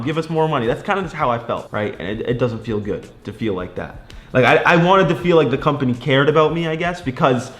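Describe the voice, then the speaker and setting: Young male vlogger, quick rambling rant, roomy echo. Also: mid-range voice. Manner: rambling, lots of likes and you knows; frustrated then upbeat. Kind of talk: casual vlog rant to viewers. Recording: echoey room.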